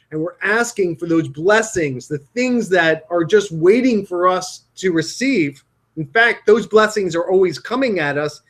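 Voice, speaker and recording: A middle-aged man, an acupuncturist, earnestly explaining a healing mantra and leading a guided meditation with slow sing-song chanting. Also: high-pitched.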